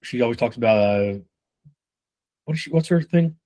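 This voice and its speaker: A man giving casual sales-management coaching, talking loosely and with profanity while acting out quick snippets of conversation. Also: medium pitch, animated, dark tone. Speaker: sales trainer.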